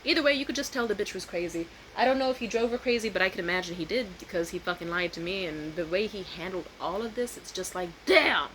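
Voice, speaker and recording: A young woman vlogging a casual storytime rant, swearing freely and switching to high, loud voices when she quotes people. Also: fast, few pauses, a little hiss or hum. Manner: animated, profane, jumps into high voices when quoting.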